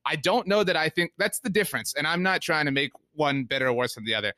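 A man's voice: on the high side, fast talker, pushed and bright, dry recording. A man co-hosting a sports podcast in a rambling, casual way with many fillers. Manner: rambling, many fillers, mimics players in quotes. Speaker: podcast co-host.

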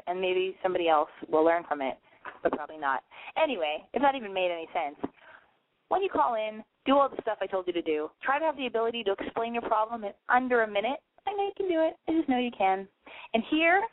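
A woman's voice: mid-range voice, animated, fast talker, slight background noise. A young woman hosting a call-in advice show, blunt, profane and rambling, sounding nasal from a cold. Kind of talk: rambling online radio rant. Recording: tinny phone-like line, dry.

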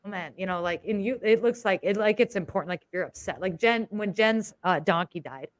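A woman co-hosting a casual conversation, animated and candid, swearing freely and acting out what people said. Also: mid-range voice, fairly quick, no echo. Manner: animated, swearing, storytelling with acted-out quotes. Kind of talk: casual chat.

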